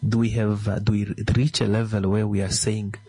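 A man hosting a business segment, asking listeners rhetorical questions with many fillers and a raspy voice. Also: lowish voice, level tone, fairly quick, dark tone, rough recording. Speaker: business radio host. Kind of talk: commentary to listeners.

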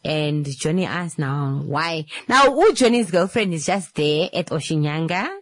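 A woman telling a story in casual, animated, slangy talk and acting out voices. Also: low voice, normal speed, no echo. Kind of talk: storytime vlog.

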